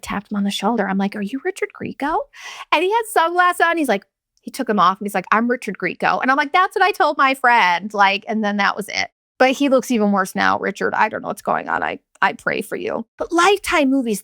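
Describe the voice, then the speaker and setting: A woman in her forties hosts a solo podcast, rambling through jokey stories full of swearing. Her voice sits a little high. She is recorded close and dry, with almost no room sound. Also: a bit bright, no room sound. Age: 40s. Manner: profane, rambling, jokey storytelling. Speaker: podcast host. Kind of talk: casual solo podcast chat.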